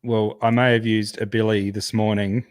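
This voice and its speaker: A man with a fairly low voice joins in a relaxed podcast chat. He mostly offers short, easygoing replies and agreement. The recording is dry and close. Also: moderate pace, clear, resonant tone, no echo. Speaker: podcast co-host. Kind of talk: casual banter.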